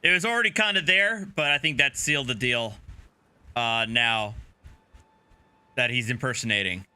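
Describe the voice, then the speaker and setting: A man's voice: medium pitch, moderate pace, sharp tone, clean tone. A man hosting a livestream, casually commenting on a police video with wry, sarcastic asides. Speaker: livestream host reacting to video.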